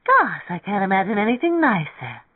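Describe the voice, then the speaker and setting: A reader voicing an exuberant young woman pianist, in a higher, gushing voice over a tinny, dry radio recording. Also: sing-song, fairly quick.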